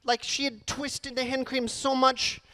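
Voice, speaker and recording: A man doing a stand-up comedy set on a club stage, animated and rattling off long lists quickly. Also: very high voice.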